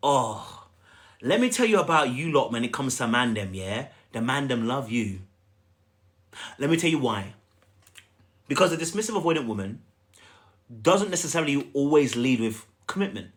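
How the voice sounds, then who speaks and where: A man's voice: mid-range voice, normal speed, long pauses. A man giving casual dating coaching on a livestream, emphatic and repetitive, often asking the audience if they follow. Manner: animated, repetitive, emphatic and chatty.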